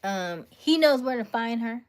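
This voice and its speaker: A woman's voice: fairly high pitch, lively intonation, a little slow. A woman livestreaming, chatting playfully with her viewers and laughing often. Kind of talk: casual livestream chat with viewers.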